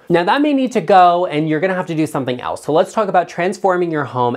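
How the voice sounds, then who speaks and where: Man, home design vlogger, blunt, emphatic, talks straight to camera. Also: high-pitched. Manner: emphatic, blunt, addresses viewer directly. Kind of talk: opinionated talk to camera.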